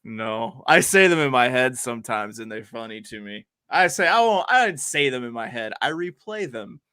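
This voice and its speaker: A man co-hosting a casual podcast chat. He talks excitably, with stammered restarts and emphatic agreement. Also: medium pitch, moderate pace, clean tone, no room sound, clean studio sound. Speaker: podcast co-host.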